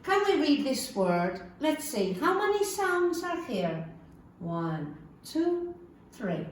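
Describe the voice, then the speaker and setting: Woman phonics teacher, high lively sing-song voice, slow and clear, recorded from a distance in a very echoey room. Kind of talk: classroom phonics lesson for young children. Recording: echoey room, far from the mic, faint background hiss.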